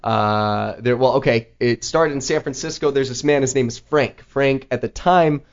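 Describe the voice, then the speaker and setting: A man hosting a show, telling a story in casual chat, rambling with lots of "like" and an animated manner. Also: mid-range voice, normal speed. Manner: rambling, heavy use of "like", animated retelling. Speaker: podcast host. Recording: slightly dull lo-fi audio.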